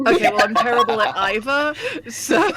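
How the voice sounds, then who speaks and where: A woman's voice: fairly high pitch, lively intonation, measured pace, fairly bright tone. A woman co-hosting a gaming stream, giggly and hesitant in casual chat. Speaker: stream co-host. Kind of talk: casual chat while playing a game.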